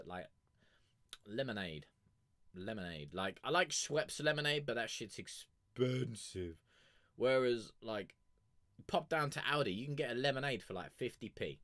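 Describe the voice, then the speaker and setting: A man's voice: mid-range voice, a bit bright, no room sound. A young man, rambling and swearing his way through casual stream chat. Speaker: streamer reviewing music.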